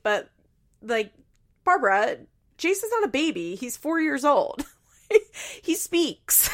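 This young woman hosts a podcast and recaps a reality show in a casual, chatty, gossipy way, swearing as she goes. Her voice sits at medium pitch, with a creaky quality and a fairly bright tone.

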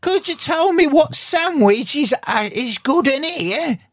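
A man doing a high-pitched Aussie rock singer. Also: expressive, measured pace, fairly bright tone, no room sound, clean studio sound, heavily acted. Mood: polite. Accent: Australian, put on. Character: famous male rock singer, high Australian accent, hurried.

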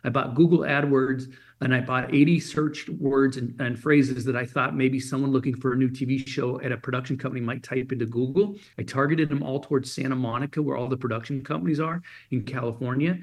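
Speaking briskly at medium pitch with barely a pause, a podcast guest from Germany recounts a story with lots of energy. He performs the quoted voices of the characters as he goes.

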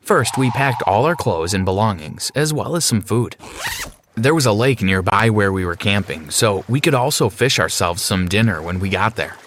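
A male narrator tells a first-person adventure from a script with dramatic storytelling. His pitch rises and falls in wide, lively swings. Steady noise and clicks sit under the voice. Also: moderate pace.

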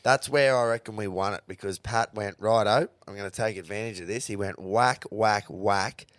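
An Australian man co-hosting a podcast, chatting about sport in a casual, sweary, excitable way, tired but amped. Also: on the low side, moderate pace, dry recording. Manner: sweary, excitable, laughing often. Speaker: podcast co-host.

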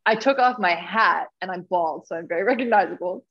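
A woman's voice: fairly low pitch, brisk. Woman rambling thru a funny story, lots of likes and laughs, muffled audio. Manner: animated, laughing often, lots of fillers. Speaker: podcast guest, rowing coxswain. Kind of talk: casual storytelling chat.

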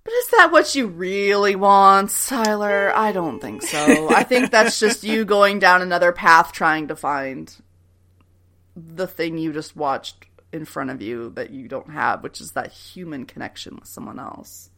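A woman chatting casually as a co-host, recapping a TV episode with lively retellings and some swearing. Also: fairly low pitch, a little slow. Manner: animated retelling with acted quotes and laughs; frequent swearing. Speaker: podcast co-host.

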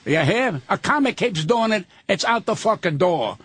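An older man, a comedian telling blunt, profane stories in a casual interview, with a husky voice. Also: high-pitched, sing-song, normal speed, a bit bright, dry recording. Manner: profane, blunt, ranting storyteller. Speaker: guest comedian.

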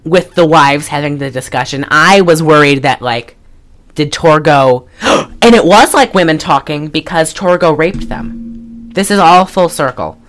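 A woman co-hosting a podcast recaps a movie in casual chat, rambling, giggling and using lots of filler words. Her voice is low-pitched and her pace measured.

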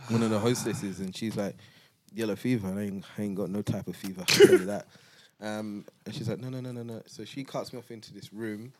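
A man hosting a podcast, telling a travel story in a casual, animated way, laughing and acting out other people's voices. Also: fairly low pitch. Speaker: podcast host.

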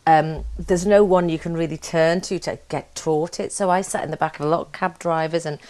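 Low-voiced woman actor chatting. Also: brisk. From Britain. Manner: animated, expressive storyteller. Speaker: actor, interview guest. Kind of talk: casual interview chat.

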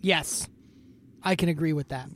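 A young man co-hosting a podcast, answering with short, playful quips in a relaxed chat. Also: on the high side, slight background noise. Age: young adult. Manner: playful, quick quips and banter. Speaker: podcast co-host. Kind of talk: casual chat.

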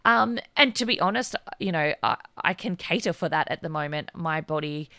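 A woman hosting her own podcast in casual solo talk, earnest and encouraging, with a hoarse voice as she loses it, and many fillers. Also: sits low, expressive, moderate pace, sharp tone, no echo. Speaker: podcast host.

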